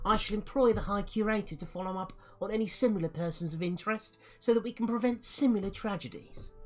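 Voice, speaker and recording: A tabletop game master reading out a letter as an old male mentor, in a measured, formal way. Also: mid-range voice, pitched above the performer's own voice. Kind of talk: reading a letter aloud in character.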